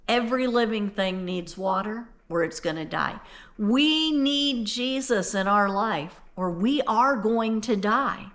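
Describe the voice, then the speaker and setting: A woman's voice: mid-range voice, animated, slow, a bit bright. An older woman retelling a Bible story in a folksy, conversational way, then explaining its meaning earnestly. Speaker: Bible teacher.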